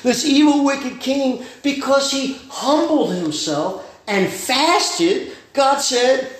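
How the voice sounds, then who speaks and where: A man, a pastor preaching a sermon in a folksy, plainspoken way with slang and quick asides. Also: very high voice, roomy sound.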